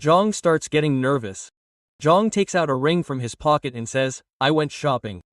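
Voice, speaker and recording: A man narrating a drama recap in a brisk, even storytelling read. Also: on the high side, dry recording, studio quality, far from the mic. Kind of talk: scripted plot narration.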